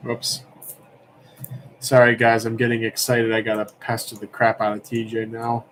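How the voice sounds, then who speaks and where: A man's voice: mid-range voice, completely flat delivery, normal speed, a bit bright, slight background noise. A young man hosting a livestream auction, chatting casually and rambling as he reads comments aloud.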